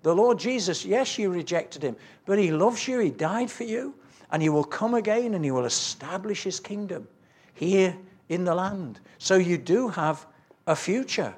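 A man's voice: high voice, expressive, moderate pace, a little mellow, slightly rough. A man preaching a sermon, earnestly telling stories with quoted dialogue and reading scripture aloud.

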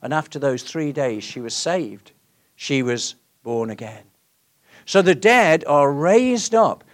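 Older male preacher in his sixties, sermon delivery, earnest, somewhat high-pitched, alternates forceful emphasis with quiet asides. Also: expressive, slow pace. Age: 60s. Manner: earnest, swings between loud emphasis and hushed questions.

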